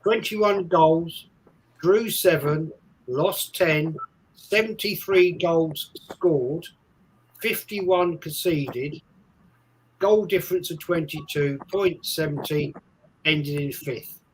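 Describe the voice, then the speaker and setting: A man's voice: on the high side, slow pace, a little hiss or hum, rough recording. A man in a casual fan chat, making an emphatic point, repeating himself and listing statistics. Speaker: co-host of a fan podcast.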